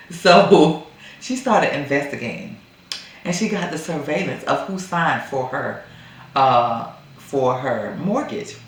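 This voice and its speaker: Animated woman recapping a movie, echoey room. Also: very deep voice, takes it slowly. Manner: animated storytelling, acts out characters' lines. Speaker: movie reviewer.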